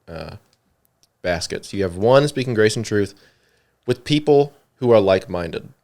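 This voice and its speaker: A young man with a lowish voice chats on a church podcast. He talks in a relaxed, rambling way full of fillers and turns his thoughts into questions for his co-host. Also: unhurried. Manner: conversational, many fillers, asks questions. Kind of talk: casual podcast discussion.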